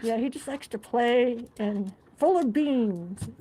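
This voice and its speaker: A woman's voice: on the high side, slow pace, dark tone. A woman live streaming from her living room, chatting casually, reading viewer comments and talking to her dog. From Alaska. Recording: noisy home recording.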